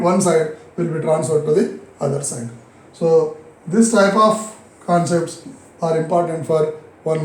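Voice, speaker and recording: A man with an Indian English accent teaching a physics lesson, repeating key phrases slowly and answering his own questions. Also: on the high side, a little mellow, roomy sound, rough recording. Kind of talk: recorded classroom lesson.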